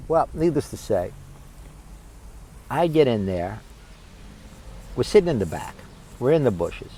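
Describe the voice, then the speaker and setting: A man, telling a funny personal story in a lively, salty, conversational way. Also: mid-range voice, a little slow, slight background noise, rough recording. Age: 60s. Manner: animated, conversational, profane.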